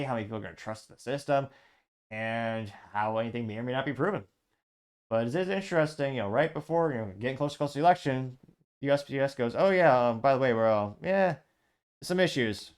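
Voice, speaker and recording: A man hosting an online show, reading viewer comments aloud and giving chatty, sarcastic political commentary. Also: medium pitch. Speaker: show host.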